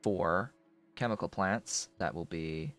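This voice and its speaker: A man's voice: sits low, slow, a bit bright, faint music behind. A man streaming a building game, thinking aloud in casual commentary as he works.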